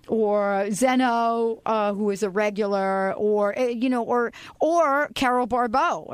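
A woman's voice: medium pitch, clean tone, no echo. Chatty woman radio talk host. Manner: chatty, rambling, enthusiastic.

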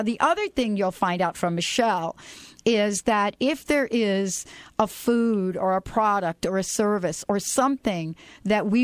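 Talk radio host, woman, mid-pitched, rambling and upbeat, dry close sound. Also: no room sound. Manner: chatty, rambling, enthusiastic.

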